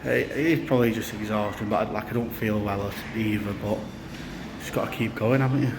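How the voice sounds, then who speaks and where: A man's voice: fairly low pitch, steady tone, brisk, noisy background. Knackered new dad venting into his phone, fed up, casual diary chat. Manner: frustrated, venting about hospital care. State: exhausted, low on energy.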